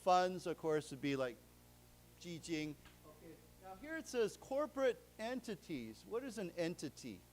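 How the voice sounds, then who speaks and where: An American man teaching a live English class, breaking down vocabulary step by step with plenty of "you know" and restarts. His voice sits a little high for a man. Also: big pitch swings, slight background noise. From United States. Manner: explains vocabulary slowly, with many fillers and restarts. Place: lecture room in a library.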